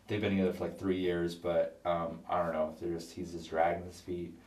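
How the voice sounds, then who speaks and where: A drunk man retelling a film in a rambling, halting way, full of filler words. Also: low voice, flat delivery, a little mellow, recorded from a distance. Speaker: comic film recapper.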